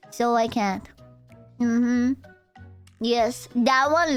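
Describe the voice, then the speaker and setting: A woman's voice: high-pitched, lively intonation, normal speed, fairly bright tone, faint music behind. A young woman live streamer chatting casually with her viewers, rambling and giggly. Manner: rambling, giggly, talks to chat.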